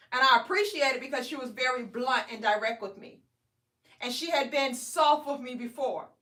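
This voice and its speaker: High bright-voiced lady doing a live weight loss vlog, chatty, keeps saying okay and guys, kinda far from the mic. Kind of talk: live-streamed motivational talk to viewers. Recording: distant from the mic.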